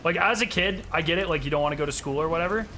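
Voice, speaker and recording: Bright-toned man streaming. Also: fairly high pitch, racing, slight background noise. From Southern United States. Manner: rambling, profane, talks straight to chat. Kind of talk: casual live-stream chat.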